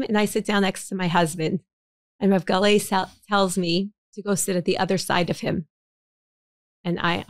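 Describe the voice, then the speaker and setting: A woman's voice: medium pitch, no room sound. A woman from Montreal, a guest in an interview, telling a personal story in an earnest way, often repeating words and restarting phrases. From Montreal, Canada. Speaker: interview guest, bereaved mother.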